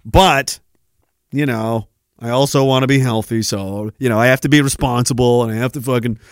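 The man here hosts a podcast, his mid-range voice carrying fairly even intonation at normal speed. He rants sarcastically through viewer messages, swearing a lot and laughing often, captured in a dry, studio-quality recording.

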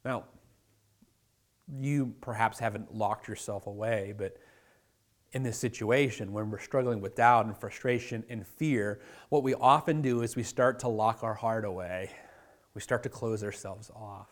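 A man preaching a sermon to his church in a casual, conversational style, dropping to a hush for quoted words. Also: on the low side, unhurried. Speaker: pastor.

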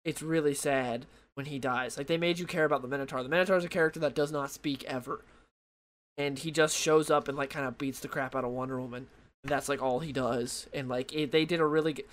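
A young man with a slightly high voice talks casually into a desk mic, rambling loosely through a comic book review. He restarts his sentences and leans on fillers as he goes. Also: fairly bright tone. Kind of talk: casual solo review talk. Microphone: desk microphone.

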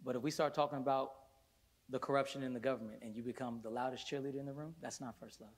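A worship pastor preaching a sermon to a congregation in a church, fervent, swinging between loud bursts and hushed stretches, with playful joking asides. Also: male voice, medium pitch, steady tone, fast talker. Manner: playful storytelling asides with laughter. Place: church sanctuary before a congregation.

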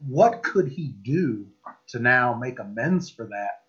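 A man's voice: mid-range voice, animated, slow, a bit bright, highs cut off, faint music behind. A man hosting a casual podcast chat, affirming and asking questions. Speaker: podcast host.

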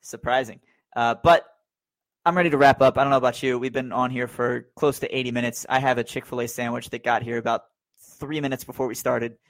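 A man hosts a casual sports podcast, relaxed and easygoing as he rounds things off. His voice sounds dry and close, with no room around it. His pitch is medium for a man. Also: brisk, no echo. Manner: easygoing, brings the show to a close. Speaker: podcast host.

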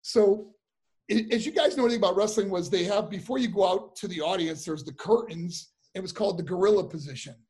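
A man being interviewed, telling animated stories about his past career, with many fillers and acted-out voices. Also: high voice, quick pace, breathy edge. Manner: animated, acts out voices in anecdotes, frequent fillers. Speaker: interview guest, former wrestler. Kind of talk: casual storytelling.

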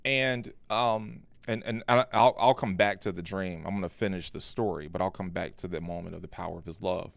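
A man with a low voice shares a heartfelt personal story in a casual podcast conversation. He talks in an earnest, animated way, often restarting his phrases. The sound is dry and close. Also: brisk, gravelly, hardly any pauses, no echo. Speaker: pastor and podcast co-host.

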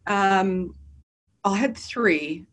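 A middle-aged woman with an American accent, a business founder telling her story as an interview guest in a candid, lively and self-deprecating way, recorded in an office. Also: medium pitch, extremely slow.

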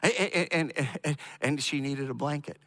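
A man with a high, bright voice tells a personal story in a loose, conversational way. He stumbles and restarts often, doubling up words as he goes. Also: normal speed. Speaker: speaker telling a personal story. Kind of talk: casual spoken storytelling.

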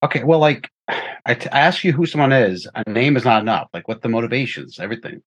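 A man playing a tabletop game, speaking haltingly and repeating words. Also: mid-range voice, animated, husky. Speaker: player. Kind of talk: casual tabletop game play.

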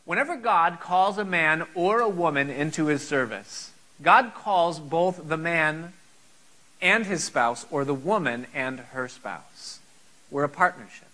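High, bright-voiced male preacher. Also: expressive, unhurried, low-quality recording. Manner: rhetorical, questioning, earnest. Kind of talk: sermon.

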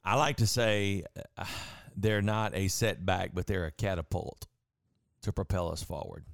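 Male pastor, gravelly low voice, folksy storytelling, dry mic. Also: unhurried, no echo. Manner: folksy storyteller, animated quoting. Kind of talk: casual sermon-like talk. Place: live talk before an audience.

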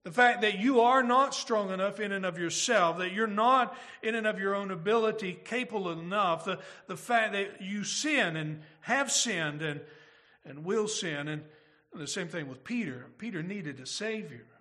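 A man's voice: high voice, lively intonation, moderate pace, bright, forceful tone. A man preaching a sermon, earnest and full of rhetorical questions. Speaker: pastor.

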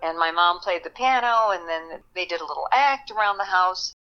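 An older actress reminiscing in an interview, animated and quick to laugh. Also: female voice, on the low side, muffled recording. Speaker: actress guest. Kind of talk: interview storytelling.

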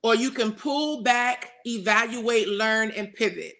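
A woman speaking as an interview guest about her business, earnest and faith-filled, easily excited. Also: on the high side, a little slow. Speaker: guest, publishing CEO. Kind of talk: interview answers.

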